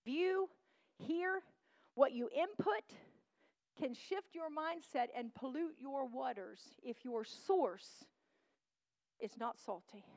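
A woman preaching a sermon, calling out to the congregation and swinging from shouts to hushed tones. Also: fairly high pitch, no echo.

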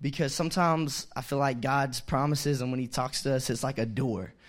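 A young man giving a casual, chatty sermon, full of fillers and restarts, growing louder on key points. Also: mid-range voice, fairly even intonation, moderate pace. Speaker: young preacher.

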